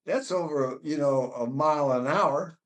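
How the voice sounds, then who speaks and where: Man, somewhat high pitch, folksy storyteller, casual podcast banter. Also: unhurried. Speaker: podcast co-host. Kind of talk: casual chat.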